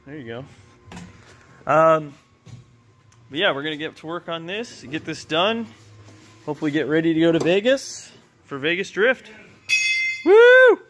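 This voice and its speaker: A young man hosting a casual car vlog, talking excitedly and swearing casually. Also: fairly high pitch, a little slow, pauses often. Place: outdoors at a garage and dyno shop.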